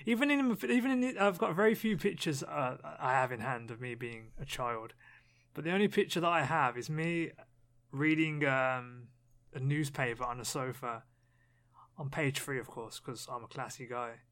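A man's voice: mid-range voice, lively intonation, moderate pace, fairly bright tone. A man co-hosting a podcast, trading dry, teasing jokes in casual banter. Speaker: podcast co-host. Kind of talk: casual chat.

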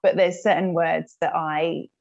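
An English woman talks casually with plenty of "you know" and "like". Her voice is fairly low, with some vocal fry. The recording sounds muffled and lo-fi. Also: steady tone, a little slow. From England. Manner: chatty and warm, with fillers like "you know" and "like". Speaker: podcast guest, mother of two young boys. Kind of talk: casual conversation.

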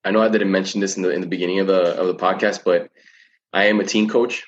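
A man's voice: sits low, fairly even intonation, fast talker, lo-fi sound. A man talking about coping with anxiety as a teen coach in a casual podcast chat, earnest and often repeating words while he thinks.

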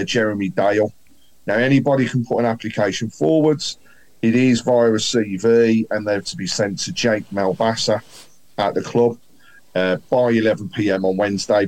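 Low-voiced man reading announcements. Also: a little mellow, rough recording. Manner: measured, with frequent "uh" fillers. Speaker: podcast co-host. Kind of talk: casual chat, reading club announcements.

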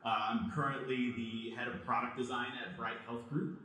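A man's voice: mid-range voice, flat delivery, normal speed, bright, forceful tone, far from the mic. A man hosting a podcast and giving a chatty, self-deprecating talk about his career. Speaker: podcast host and design leader. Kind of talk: conversational podcast talk and live conference presentation. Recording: very echoey room.

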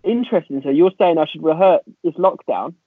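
A man's voice: a little high, fairly quick, husky, no echo. Man, podcast guest, earnest and self-deprecating, tinny phone-like line, dry. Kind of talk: casual chat over a remote call.

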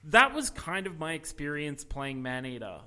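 A man co-hosting a casual podcast, telling rambling, animated stories with plenty of fillers. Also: a little high, moderate pace. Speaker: podcast co-host. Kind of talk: casual chat about video games.

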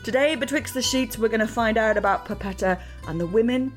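A woman's voice: fairly high pitch, a little fast, over music. Playful woman podcast host. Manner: playful, animated storytelling. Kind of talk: chatty podcast narration.

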